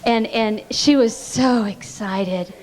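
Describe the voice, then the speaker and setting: A woman's voice: a little high, takes it slowly. A woman giving a teaching talk at a pastors' conference, telling stories earnestly and often stammering on repeated words.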